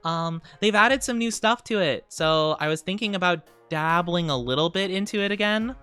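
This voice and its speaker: Woman vtuber yapping with chat, giggly and bouncy, low-ish voice, soft music under it. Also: moderate pace, clear, resonant tone. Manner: playful, giggly, animated. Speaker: VTuber streamer. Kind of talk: casual live-stream chat with viewers.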